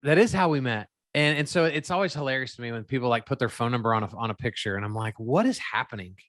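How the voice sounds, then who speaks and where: A man hosting a casual podcast, giving his views in a candid, opinionated manner. His voice has an ordinary middle pitch. The sound is dry and close. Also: fast talker, fairly bright tone, no room sound. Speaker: podcast host.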